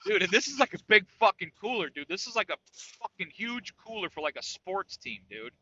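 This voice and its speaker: Man, podcast co-host, casual comic storytelling, swears a lot, keeps saying dude, high bright voice. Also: big pitch swings, fairly quick, lo-fi sound, slight background noise. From New York. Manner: profane, says "dude" constantly.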